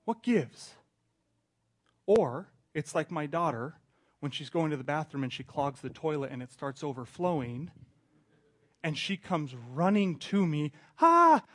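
A pastor in his thirties with a fairly high voice preaches conversationally, stumbling over restarts and swinging between hushed asides and loud outbursts.

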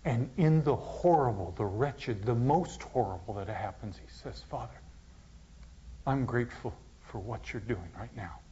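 A male pastor preaching a sermon, swinging from loud emphasis down to near-whispers. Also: mid-range voice, expressive, measured pace, slight background noise. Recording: dull, lo-fi sound.

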